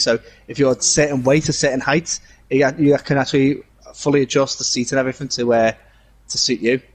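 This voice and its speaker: A man's voice: mid-range voice, slightly rough. A man co-commentating a sim race stream in casual chat, easygoing and hesitant with frequent fillers, on a headset.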